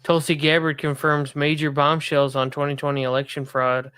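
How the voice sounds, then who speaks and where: A man with a smooth, resonant, slightly high voice reading out news items on a livestream. His tone is earnest, and the sound is close and dry. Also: little pitch movement, normal speed, a bit bright, no room sound. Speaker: podcast co-host. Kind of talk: casual livestream chat.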